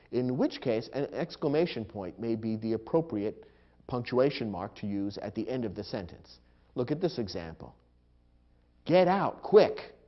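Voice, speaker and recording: A man narrating a grammar lesson in a measured, explanatory way, reading example sentences aloud with expressive emphasis. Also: medium pitch. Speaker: grammar instructor. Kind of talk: scripted educational narration. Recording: dull lo-fi recording.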